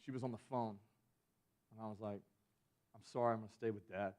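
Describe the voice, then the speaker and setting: Casual young pastor preaching. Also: male voice, lowish voice, fairly quick. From Georgia. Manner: conversational, many "like" fillers, animated retelling of a personal story. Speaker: student ministry pastor. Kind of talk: youth sermon.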